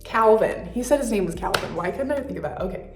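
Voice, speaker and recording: A woman's voice: medium pitch, animated, fast, echoey room, music in the background. A young woman vlogger telling a story in a candid, profane, casual way with lots of fillers.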